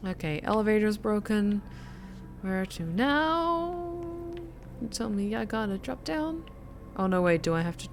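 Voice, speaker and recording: A woman's voice: medium pitch, gravelly, slight background noise. An Australian streamer talking in a put-on general American accent while she plays a game and greets her viewers. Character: herself in a neutral American accent. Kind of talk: live game stream commentary.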